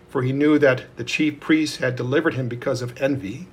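Husky man reading scripture. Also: mid-range voice. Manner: steady measured reading. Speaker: scripture reader.

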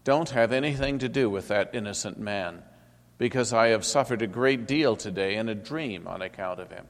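A man's voice: on the low side, moderate pace, lightly acted. A man voicing a governor's wife who sends an urgent warning, read in his own plain voice. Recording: long hall reverb.

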